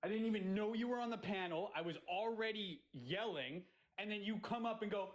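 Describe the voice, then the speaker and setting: A man with a notably high voice, angrily ranting and swearing as he hosts a heated livestream argument. He talks over others and cuts in with exasperated comebacks. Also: fairly quick, rough recording. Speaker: livestream host.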